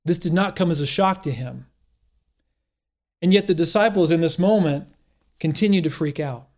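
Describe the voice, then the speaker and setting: A man's voice: a little high, moderate pace. A man preaching a sermon in an earnest, encouraging way, often restarting his phrases. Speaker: pastor.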